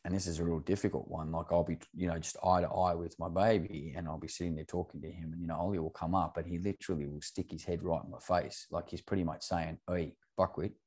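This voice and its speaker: Very deep-voiced man, earnest. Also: flat delivery, quick pace, hardly any pauses, a little mellow. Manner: earnest, open, swears casually. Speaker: podcast guest. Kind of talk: candid podcast conversation.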